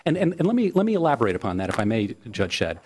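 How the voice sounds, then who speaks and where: A man's voice: mid-range voice, wildly swooping pitch, rapid-fire, a little mellow, slightly rough. A man arguing as an attorney before appellate judges, earnest and insistent, often repeating words as he presses his point. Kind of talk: courtroom oral argument.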